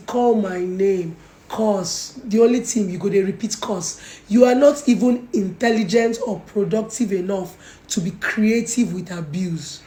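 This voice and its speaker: Speaking mostly in Pidgin, a social media personality confronts someone in a call-out video, full of mockery and scolding. She is young, has a Nigerian accent and a mellow mid-range voice, and the sound is reverberant.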